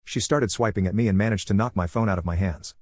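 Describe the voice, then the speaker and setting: Fast-talking husky male storyteller. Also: on the low side, a little mellow, no echo. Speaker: narrator. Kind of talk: storytelling narration.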